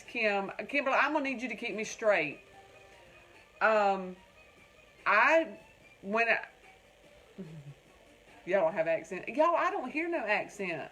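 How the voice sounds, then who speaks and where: A North Carolina woman hosting a crafting livestream from home speaks with a Southern accent in a mid-range voice with a sharp tone, captured in a rough recording. She rambles casually, reading out comments and addressing viewers as "y'all" again and again.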